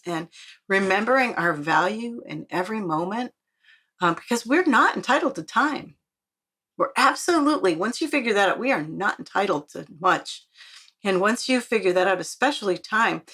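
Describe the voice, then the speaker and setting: A woman's voice: medium pitch, pushed and bright. A woman author as an interview guest, chatty and earnest, laughing often and acting out the quotes in her stories. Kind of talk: casual interview storytelling.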